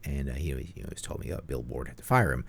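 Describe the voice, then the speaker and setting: A man's voice: extremely low pitch, quick pace, gravelly, slight background noise. A man co-hosting a casual metal podcast, joking and rambling with many fillers. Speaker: podcast co-host. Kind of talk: casual chat.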